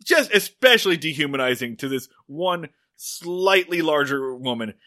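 A man with a very bright, high voice that swings widely in pitch. He recaps a scene in casual podcast chat with sarcastic, profane asides. His delivery is quick and animated. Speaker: podcast co-host.

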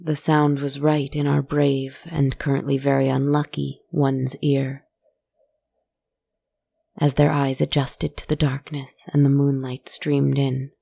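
Slow, low, husky woman telling a spooky tale. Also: little pitch movement, dry recording. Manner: soft, slow and hushed, dropping at times to a whisper. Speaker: storyteller. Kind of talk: calm scripted narration of a spooky story.

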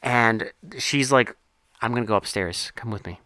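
A man's voice: mid-range voice, moderate pace, pushed and bright, dry recording, clean studio sound. A man co-hosting a casual movie-recap podcast, wry and profane, quoting characters and his own reactions. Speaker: podcast co-host.

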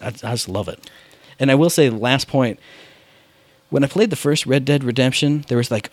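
A man's voice: mid-range voice, brisk, darkish tone, dry recording. A man rambling in casual chat about video games, with lots of filler words.

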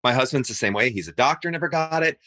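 A man's voice: medium pitch, quick pace. A man, a guest on a casual video-call chat, telling stories with lots of laughter. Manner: animated storyteller, laughing often.

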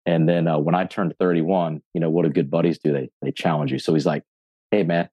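Deep-voiced man telling fitness stories. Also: fast, no room sound, lo-fi sound. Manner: animated storyteller, acts out quotes, swears casually. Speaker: gym owner and fitness coach. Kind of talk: podcast interview, casual storytelling.

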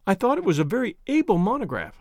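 A cool, quick-witted woman doctor, as a male narrator puts her on, answering in a dry, composed, gently ironic tone. The voice sits a little raised and lifts and falls with plenty of movement. It is close and dry, with no room sound. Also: high voice, wildly swooping pitch, no echo, voice pushed up, full character voice. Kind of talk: audiobook character voice.

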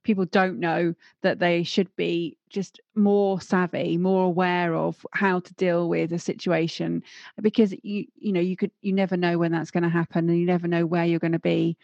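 A woman's voice: on the low side, little pitch movement, normal speed, creaky, darkish tone, no room sound, muffled recording. A woman hosting a podcast, encouraging in chat and upbeat when reading her outro. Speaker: podcast host and life coach. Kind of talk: casual interview chat and scripted outro.

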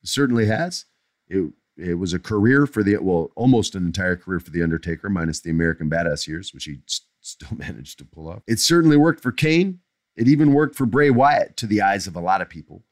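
A man's voice: low voice, animated, brisk, dry recording, studio quality. A middle-aged man hosting a podcast, answering listener questions in blunt, emphatic casual chat that drifts into jokes.

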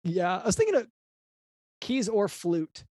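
An improviser in a comedy scene, playing a party planner who speaks haltingly. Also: medium pitch, very animated, warm tone, no room sound, clean studio sound.

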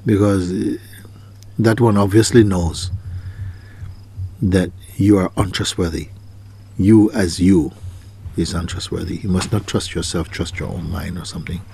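Husky low-voiced man teaching. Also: fairly even intonation, a little slow, dark tone. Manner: questioning, repeats phrases, acts out quoted people. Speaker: spiritual teacher. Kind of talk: spiritual talk to an audience.

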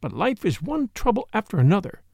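A man's voice: high-pitched, wildly swooping pitch, a little fast, vocal fry, a little mellow, no room sound, studio quality, full character voice. A man voicing a gushing, gracious older widow who murmurs and rambles.

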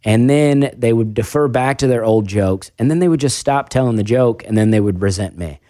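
A man's voice: medium pitch, expressive, a little fast, warm tone, no echo, studio quality. A man with a faint Southern accent, a stand-up comedian talking casually on a podcast, rambling and self-deprecating with lots of restarts. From American South.

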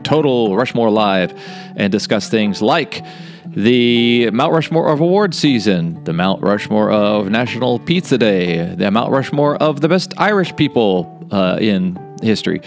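A man's voice: lowish voice, sing-song, unhurried, soft background music. A man hosting a podcast, chatting casually and rambling with fillers and restarts. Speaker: podcast host.

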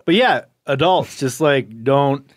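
A relaxed male podcast guest chats loosely and keeps chiming in with quick agreement. His mid-range voice moves up and down freely and sounds dry and near. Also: medium pitch, dry recording. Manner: laid-back, brief agreeing interjections and easy laughs. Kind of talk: casual chat.

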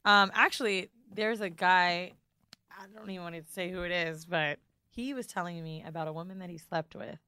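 A woman's voice: on the low side, moderate pace, bright, forceful tone, clean tone, no echo. A woman co-hosting a podcast, chatting bluntly and reading out listener mail. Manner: laughing, blunt banter. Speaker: podcast co-host. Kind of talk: casual chat.

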